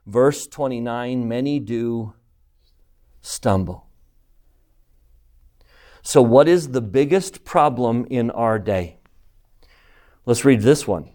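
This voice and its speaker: A man's voice: medium pitch, unhurried, pauses often, a little mellow. A man teaching a scripture class, who keeps asking his students questions and repeats key phrases for emphasis. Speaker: religion teacher.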